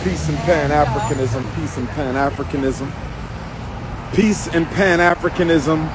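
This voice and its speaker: A man's voice: a little high, a little slow, over a noisy crowd, poor audio. A man giving a live video monologue, preachy and emphatic, repeating his phrases for weight and answering his critics. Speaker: commentator responding to critics.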